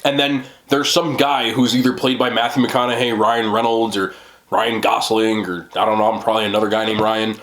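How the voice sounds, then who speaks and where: A man's voice: lowish voice, steady tone, a little fast, a bit bright, rough recording. A man hosting an eating video talks loosely to his viewers. He rambles, fills his sentences with "like", and slips into mocking asides. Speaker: mukbang host. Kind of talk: casual chat to camera.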